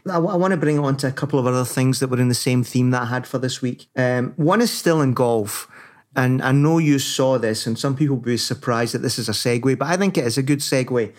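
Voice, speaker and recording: A man's voice: mid-range voice, quick pace. A man co-hosting a casual talk show, chatty and rambling, full of fillers and restarts. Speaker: podcast co-host. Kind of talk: casual chat.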